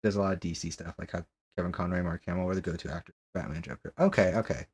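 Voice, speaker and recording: A man's voice: low-pitched, steady tone, racing, husky. A man streaming a game and chatting casually with viewers, rambling with lots of restarts and questions.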